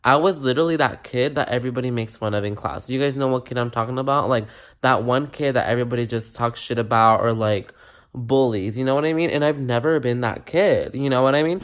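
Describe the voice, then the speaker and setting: Young male vlogger, mid-pitched voice, animated and profane storytelling, slips in Spanish words. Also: brisk. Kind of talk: casual storytime to camera.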